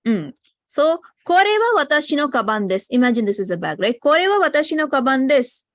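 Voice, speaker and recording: A woman's voice: high-pitched, big pitch swings, fairly quick, no echo, clean studio sound. A woman with an Indian English accent, teaching a Japanese grammar class. She explains patiently and keeps checking in with "no?" and "right?". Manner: explanatory, often tags sentences with "no?" and "right?". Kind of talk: online class lecture. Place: online class.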